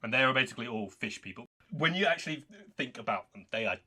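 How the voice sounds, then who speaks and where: A man telling a game story in casual podcast chat, animated and laughing as he acts out alien voices. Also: mid-range voice, fast. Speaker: podcast co-host reviewing a game.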